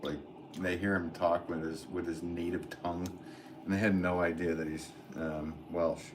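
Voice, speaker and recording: An American man in his forties, a potter chatting casually on a livestream and reading viewer comments in a rambling, relaxed way. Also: low voice, moderate pace, background noise. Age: 40s. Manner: rambling, relaxed, filler-heavy talk with laughs. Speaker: potter streaming live.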